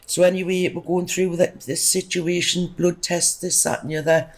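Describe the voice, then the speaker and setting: A woman's voice: on the low side, little pitch movement, moderate pace, poor audio. A middle-aged woman, chatting emphatically as a podcast guest and telling a rambling personal story. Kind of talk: casual storytelling.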